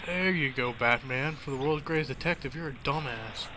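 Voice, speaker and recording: A man's voice: mid-range voice, normal speed, very noisy. A man giving casual let's play commentary, crude and joking and swearing freely.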